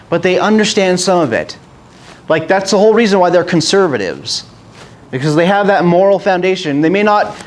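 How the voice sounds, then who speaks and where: A man preaching a casual sermon, retelling stories in a rambling, animated way with many restarts. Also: high voice.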